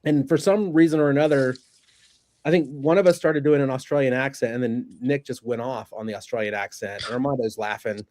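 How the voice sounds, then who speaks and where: A man talks in an easy, storytelling way as host of a podcast conversation. His voice sits at a middle pitch and sounds dry and close to the mic, with frequent restarts as he thinks aloud. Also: steady tone, a little fast, a little mellow, no room sound. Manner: chatty, storytelling, many restarts. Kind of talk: casual podcast chat.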